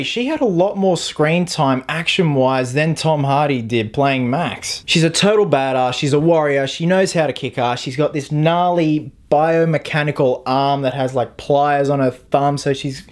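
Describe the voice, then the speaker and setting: A man giving a casual, enthusiastic and profane film review vlog on a cheap taped-up microphone. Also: a little high.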